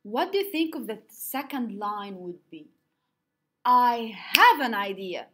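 A fairly high-pitched woman teaching young pupils, clapping out syllables at a slow, deliberate pace. Her voice rises and falls in a lively sing-song. A little music plays faintly underneath. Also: noisy background.

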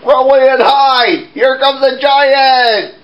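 A man's voice: mid-range voice, expressive, moderate pace, highs cut off, close to an everyday voice. A man voicing a frightened young boy hero in a puppet show, calling out panicky warnings. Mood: fretful.

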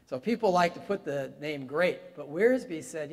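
Preaching pastor with a raised voice, echoing church. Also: male voice, fairly high pitch, animated, measured pace, few pauses. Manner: conversational preaching, swelling to emphatic peaks. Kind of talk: sermon. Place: church sanctuary. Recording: long hall reverb in a church.

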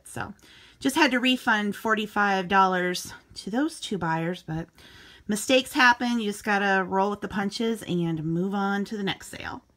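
A woman's voice: medium pitch, a bit bright. A woman chatting casually in a vlog about her reseller sales, rambling a little and using fillers, recorded in a home basement. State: out of breath. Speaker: vlogger and eBay reseller.

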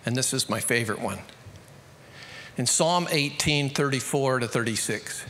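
Australian male pastor, bright sharp tone, reverberant church hall, storytelling sermon. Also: mid-range voice, slight background noise. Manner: conversational, storytelling, quickening to emphatic peaks.

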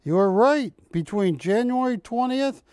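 Man, shopping channel host, live sales pitch, joking, high voice, dry sound. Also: measured pace, smooth, dry recording. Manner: joking, animated, teasing co-hosts.

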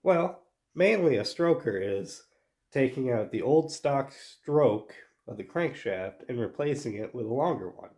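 A man's voice: mid-range voice, lively intonation, measured pace, a little mellow. A man with a stuffy nose from a cold, talking in a nasal voice as he casually explains a job in his garage. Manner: folksy, hands-on explaining. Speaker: garage channel host. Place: home garage.

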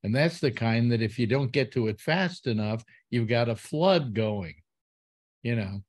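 A man's voice: mid-range voice, lively intonation, a little slow. A man hosting a casual call-in show, talking in a rambling way with many fillers and restarts. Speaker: host.

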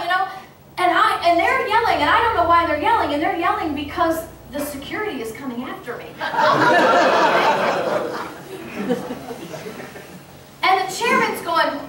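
A woman's voice: high voice, a little slow. A woman giving a storytelling speech to an audience, acting out the exchanges she quotes. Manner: animated, acts out quoted exchanges. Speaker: speaker at a political meeting. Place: meeting hall, indoors. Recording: echoey hall from far off with faint room noise.

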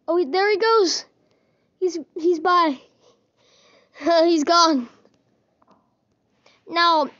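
A woman's voice: sits high, no room sound, lo-fi sound. A woman giving casual, playful gameplay commentary, teasing and chatting to the characters in her game. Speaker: gaming video host.

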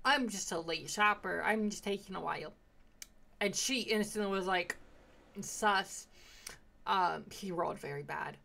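A young woman casually recapping her tabletop game sessions, rambling and swearing freely as she acts out quick quotes. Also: mid-range voice, gravelly, sharp tone. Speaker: player recapping a tabletop campaign.

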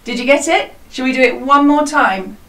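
A woman's voice: sits high, normal speed, recorded from a distance, heavy background noise. A British woman teaching a home music lesson to young children, in an encouraging singsong teacher manner. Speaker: primary school music teacher. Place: small hut classroom.

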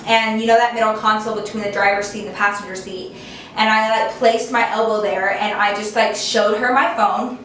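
A woman's voice: medium pitch, a little fast, a little hiss or hum. Chatty young woman in an echoey room. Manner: chatty, animated retelling with many "like" fillers. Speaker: storyteller. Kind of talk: casual storytime. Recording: echoey room, voice a bit distant from mic.

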